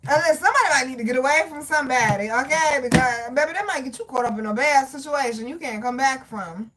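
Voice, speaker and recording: Woman, young adult, high voice, animated and loud, laughs and shouts often, faint hiss behind. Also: quick pace. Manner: animated, loud laughs, swearing, addresses viewers as y'all and baby. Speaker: tarot reader. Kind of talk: casual livestream chat.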